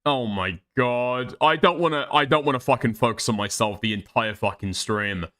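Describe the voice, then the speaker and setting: A man's voice: medium pitch, moderate pace, a bit bright. A man streaming live, reacting to a clip with profane, exasperated commentary and laughing asides.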